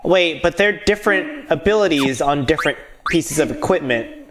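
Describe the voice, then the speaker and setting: A man's voice: a little high, animated, normal speed, background noise. A man giving joking let's-play commentary between lines. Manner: joking, laughing asides. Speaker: streamer.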